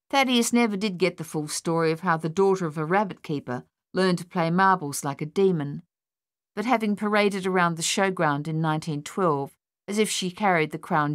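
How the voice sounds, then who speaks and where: Aussie woman audiobook narrator, lowish voice, even, dry close mic. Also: no room sound.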